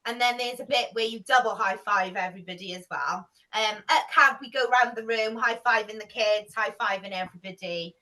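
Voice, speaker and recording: A woman's voice: mid-range voice, brisk, few pauses, bright, forceful tone, distant mic, rough recording. A woman leading an online camp training on a video call, bubbly and encouraging as she leads the singing and dancing.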